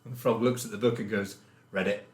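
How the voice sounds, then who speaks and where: A man co-hosting a podcast in casual chat, playful and quick to laugh, fond of telling jokes. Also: on the low side, fairly even intonation, roomy sound, noisy background. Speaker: podcast co-host.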